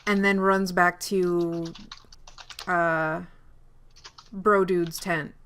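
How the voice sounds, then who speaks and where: A woman's voice: fairly low pitch, level tone, extremely slow, fairly bright tone, a little hiss or hum. A woman playing a tabletop game, laying out a scheme step by step. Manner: scheming, spelling out plans step by step. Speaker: player.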